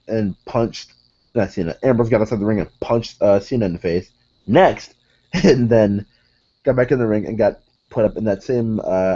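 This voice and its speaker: Male podcast host, low mellow voice, rambling casual recap, dull home recording. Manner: rambling, many fillers and self-corrections. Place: room with curtains behind him.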